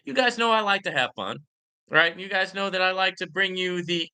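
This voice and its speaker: A man hosting his channel, clowning around with playful voice inflections. His tone is piercingly bright and tense, and his pitch leaps up and down in a lively way. He keeps it casual and talks straight to his viewers. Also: normal speed, smooth. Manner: animated, joking, comical voice inflections. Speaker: YouTube channel host.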